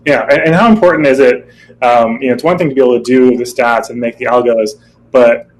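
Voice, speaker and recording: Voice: medium pitch, fairly even intonation, fast, poor audio. An interview host asking long, rambling questions full of fillers. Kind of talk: casual interview conversation.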